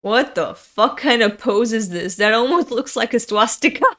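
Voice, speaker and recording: A woman's voice: fairly high pitch, normal speed, fairly bright tone. A woman reading a comic aloud in a chatty, casual way, laughing and swearing as she goes. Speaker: comic reader.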